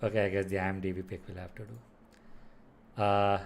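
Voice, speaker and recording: A man's voice: low-pitched, flat delivery, moderate pace, slight background noise. A man giving a casual spoken film review, rambling with lots of fillers and restarts. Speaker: movie reviewer.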